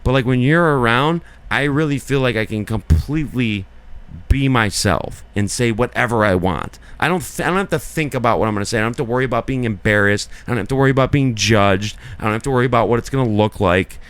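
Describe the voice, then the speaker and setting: A man's voice: mid-range voice, fast talker, a bit bright, clean tone. A man co-hosting a podcast in casual chat, talking in long earnest rambles full of filler likes. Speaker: podcast co-host.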